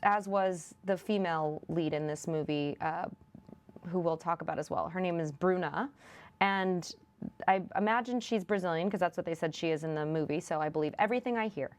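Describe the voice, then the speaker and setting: A woman's voice: fairly low pitch, brisk. A woman hosting a podcast, reviewing a movie in casual chat, chatty and laughing often. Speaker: podcast host.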